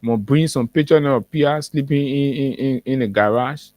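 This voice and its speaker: Combative Liberian radio host, dry studio sound. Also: male voice, mid-range voice, fairly quick, a little mellow, no room sound. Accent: Liberian English. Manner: combative, repetitive, many fillers and restarts. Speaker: morning show host. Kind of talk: heated political commentary.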